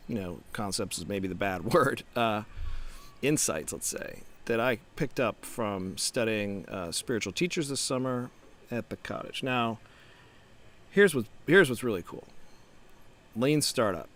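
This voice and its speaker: With a medium-pitched, sing-song voice that's a bit bright, this middle-aged man speaks at a measured pace. He's a startup founder and coach offering a relaxed, reflective motivational talk to camera, with restarts and rhetorical questions.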